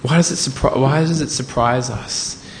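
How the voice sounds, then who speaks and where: A male pastor giving a conversational, animated sermon with asides. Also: medium pitch, moderate pace, a little hiss or hum. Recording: echoey hall, faint ambience.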